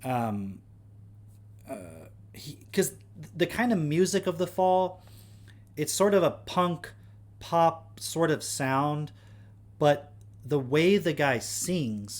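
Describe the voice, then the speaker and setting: A young man hosting a livestream, talking in a casual, rambling way with lots of fillers and self-corrections. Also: on the high side. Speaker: livestream host.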